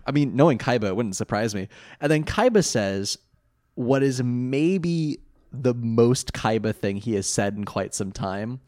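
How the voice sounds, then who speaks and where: Laughing, animated man in casual chat. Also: mid-range voice, a little slow. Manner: laughing often, profane, rambling. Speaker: podcast co-host. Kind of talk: casual chat recapping a cartoon.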